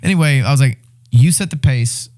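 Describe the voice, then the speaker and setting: Young male podcast guest, mellow tone, animated and profane storyteller. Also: medium pitch, brisk. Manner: animated, excited retelling with swearing and restarts. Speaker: podcast guest, reality show winner. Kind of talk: casual storytelling.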